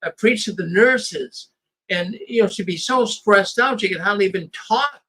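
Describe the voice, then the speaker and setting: A man's voice: sits high, moderate pace, pushed and bright, slightly rough, rough recording. A man, the host, talking in a casual conversation, emphatic and often repeating his first words.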